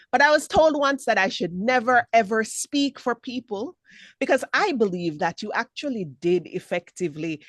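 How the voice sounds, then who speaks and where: Lively woman giving speech feedback. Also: medium pitch, dry recording. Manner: encouraging, lively, acts out examples. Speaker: speech evaluator. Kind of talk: spoken feedback at an online meeting. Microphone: video call.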